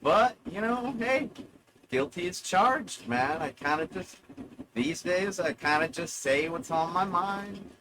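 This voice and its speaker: A man's voice: sits high, lively intonation, slow, background noise. A man streaming live, rambling in a sardonic, self-mocking way and swearing freely.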